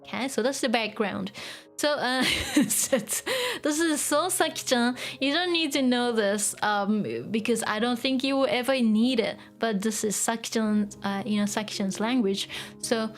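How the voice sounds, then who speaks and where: A woman's voice: on the high side, moderate pace, soft background music. A woman teaching Japanese in a casual lesson, chatting loosely between English and Japanese with many fillers and small laughs.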